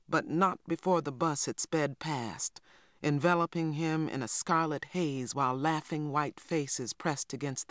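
A narrator reads an audiobook in a steady, even way, with a voice that sits in a middle pitch range. The mic is close and the recording is dry, with no room sound around the voice. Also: no echo.

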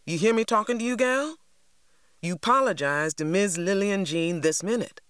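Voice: mid-range voice, moderate pace, a bit bright, no echo, studio quality, natural voice. A reader voicing a bearded man, bullying and demanding, with a drawl. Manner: gruff, demanding. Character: angry bearded white Southern man, bullying father.

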